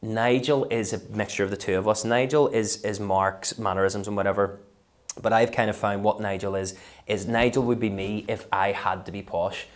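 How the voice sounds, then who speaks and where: Man, Belfast accent, comedian, low voice, lively storyteller, casual interview. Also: moderate pace. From West Belfast, Northern Ireland. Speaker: comedian, podcast guest.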